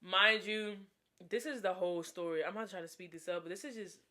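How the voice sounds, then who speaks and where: Young woman, storytime vlogger, lively and slangy, close mic. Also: lowish voice, brisk, a little hiss or hum. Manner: animated, slangy, dramatic. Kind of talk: storytime vlog.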